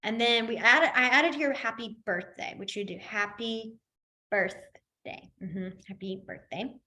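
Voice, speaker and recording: A woman's voice: a little high, unhurried, bright, forceful tone. A woman teaching a beginners' class in a casual, chatty way, explaining with everyday examples and laughing easily. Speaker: sign language instructor.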